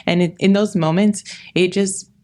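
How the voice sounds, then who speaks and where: A woman's voice: mid-range voice, fairly even intonation, normal speed, a little mellow. A woman hosting an interview, talking in a supportive, reflective and casual way. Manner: supportive, reflective, many "like" fillers. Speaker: podcast host.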